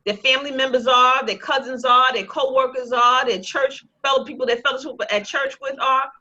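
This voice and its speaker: A woman teaching a real estate investing class, talking in a lively, joking, sales-pitch way. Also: a little fast, dull audio. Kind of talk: live online class presentation.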